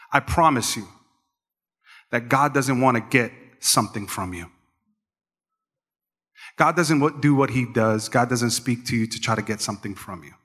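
A man's voice: medium pitch, husky. A man, a pastor, giving a conversational sermon full of stories, acting out the people in them as he goes. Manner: animated storyteller, acts out quoted voices. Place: church. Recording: long church hall reverb.

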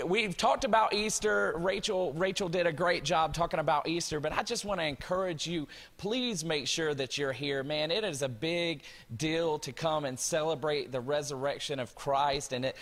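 A man's voice: on the high side, a bit bright. A man, a pastor joking with the congregation and telling a family story during church announcements. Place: large church hall. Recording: reverberant church hall with music.

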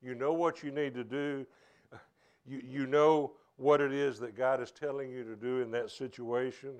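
A man preaching a sermon to his church, earnest and halting, often restarting his phrases. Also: medium pitch, little pitch movement, darkish tone, clear, resonant tone. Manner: earnest, halting, with many repeated starts. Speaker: pastor.

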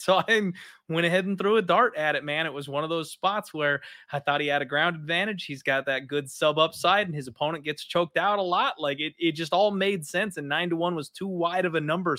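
A man's voice: fairly high pitch, bright, forceful tone, no room sound, clean studio sound. A man co-hosting a casual betting podcast, talking in an easygoing, conversational way. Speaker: podcast co-host, betting analyst.

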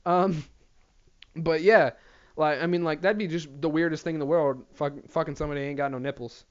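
A man's voice: a little high, steady tone, normal speed, clean tone, highs cut off. A young man hosting a podcast alone, rambling through a crude comedy monologue, swearing freely and laughing at himself. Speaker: podcast host.

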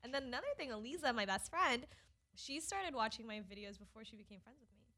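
A woman's voice: a little high, expressive, fast talker, pushed and bright. A young woman chatting on a podcast, giggly and saying "like" all the time. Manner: giggly, says "like" constantly. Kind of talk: casual podcast chat.

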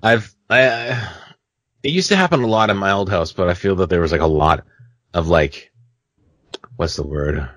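A young man co-hosting a casual podcast, telling stories with lots of swearing and acting out his own panicked shouts. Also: sits low, moderate pace, long pauses, dry recording. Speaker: podcast co-host.

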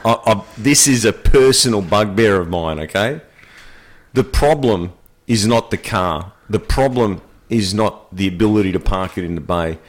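A man's voice: on the low side, moderate pace. A man co-hosting a casual talk show, teasing and laughing often. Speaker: co-host. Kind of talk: casual chat.

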